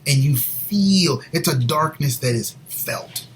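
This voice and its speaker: A man co-hosting a Christian show, sharing a personal faith story in an earnest, rambling way and sometimes dropping to a soft near whisper. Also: on the high side, lively intonation, slow, a little hiss or hum, low-quality recording. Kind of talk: personal faith testimony, casual chat.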